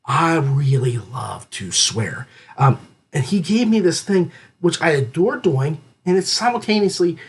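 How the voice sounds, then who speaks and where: Husky, animated male podcast host. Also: a little high. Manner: excitable, rambling, jokey, with many restarts. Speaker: podcast host reviewing audiobooks. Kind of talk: casual review chat.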